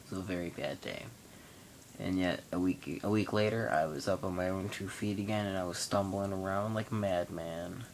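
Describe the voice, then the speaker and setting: A young man in his late teens with a notably deep, low voice hosts his own vlog. He tells a personal story in a loose, rambling way, stating things matter-of-factly and stopping now and then to find his words. A faint rumble sits under the recording. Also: steady tone. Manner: rambling, matter-of-fact retelling with pauses. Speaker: vlog host. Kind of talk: casual monologue storytelling.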